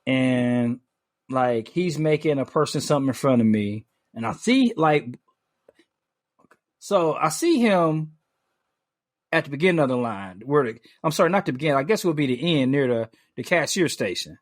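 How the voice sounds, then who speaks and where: A man on a podcast, telling a story in casual chat, animated, full of fillers and restarts, swearing freely. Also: fairly high pitch, normal speed, no room sound, studio quality. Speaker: podcast co-host.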